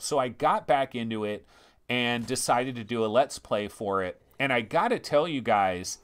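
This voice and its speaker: A male host reviews VR games in a loose, slangy way and slips into rants. His pitch swings widely and climbs high when he gets worked up. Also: moderate pace, clean tone. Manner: animated, ranting, slangy. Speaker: VR game show host. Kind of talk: casual game review talk.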